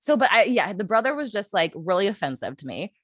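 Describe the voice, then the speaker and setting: A woman's voice: mid-range voice, fast, dry recording, clean studio sound. A young woman co-hosting a casual podcast chat, blunt and profane, telling stories with lots of energy. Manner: blunt, profane, animated storytelling. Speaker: podcast co-host.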